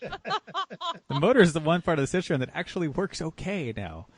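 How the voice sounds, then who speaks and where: A man's voice: on the high side, huge pitch swings, normal speed, no echo. A man hosting a casual car podcast, telling wry stories with many restarts. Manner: rambling, wry storytelling with restarts. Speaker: podcast host.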